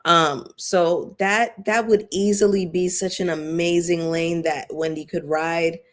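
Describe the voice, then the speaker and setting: A woman's voice: on the low side, fairly even intonation, unhurried. Chatty woman hosting a live chat. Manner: chatty, reads viewer comments, frequent fillers and asides. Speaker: YouTube commentary host. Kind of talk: casual live-chat commentary.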